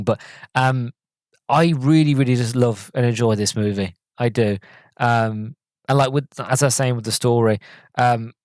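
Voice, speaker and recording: A man's voice: mid-range voice, dry recording. A man, hosting a podcast and chatting casually about a film, rambling with many fillers and restarts. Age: 20s. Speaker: podcast host.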